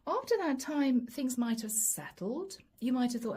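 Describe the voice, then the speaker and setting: A chatty woman reads tarot cards to her viewers with a fairly high, mellow voice. Her tone has a husky, breathy edge. She talks lively and loose, often mimicking the people she describes. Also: a little slow. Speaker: tarot reader. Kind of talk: chatty tarot reading to camera.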